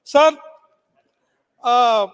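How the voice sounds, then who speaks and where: A man's voice: very high voice, drawn-out words, fairly bright tone, clean tone. A man from Odisha giving a formal speech as a member of parliament, earnestly addressing the chair as sir. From Odisha, India. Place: large parliament chamber. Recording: long echoey chamber reverb.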